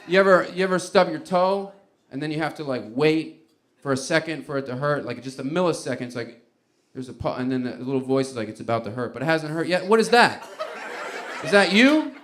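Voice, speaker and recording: A man's voice: fairly high pitch, expressive, brisk, a bit bright, slight background noise. A man doing a stand-up comedy set in a rambling, conversational way, often laughing at his own bits. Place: comedy club stage before a live audience.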